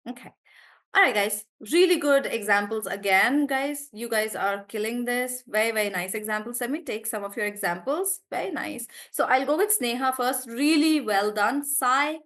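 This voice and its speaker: Teaching pronunciation to a live online class, this South Indian woman speaks English with a South Indian accent, breaking words into syllables and offering encouragement. Her voice is fairly high and a bit bright, at a moderate pace.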